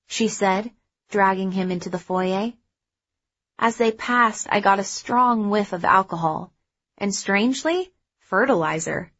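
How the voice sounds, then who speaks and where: A woman reads a first-person novel aloud in a measured, lightly expressive way. She takes her time with each line. The recording is dull and lo-fi. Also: medium pitch. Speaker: audiobook narrator.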